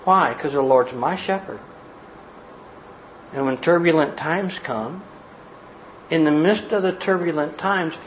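A middle-aged man preaching a sermon as pastor, folksy and direct, swinging from loud urgent bursts to soft hushed lines. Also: fairly high pitch, lo-fi sound, slight background noise. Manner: folksy, talks straight to the listeners.

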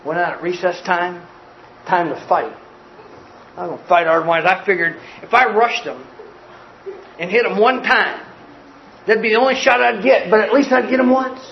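A man preaching a sermon, telling a story in an animated, folksy way and acting out the scenes for a live congregation. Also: sits high, normal speed, long pauses, dull audio, slight background noise. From grew up poor in a small family.

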